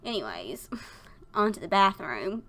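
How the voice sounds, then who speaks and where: Sitting at her work desk, a young Sims-building YouTuber narrates her build in a loose, chatty voiceover, giggling and using many fillers and sounding somewhat out of breath. Her mid-range voice is slow, sing-song and fairly bright.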